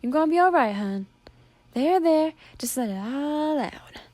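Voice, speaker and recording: A woman's voice: medium pitch, lively intonation, takes it slowly, dark tone, no echo. A woman voicing a motherly figure who soothes and calls others hon and sugar. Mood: soothing.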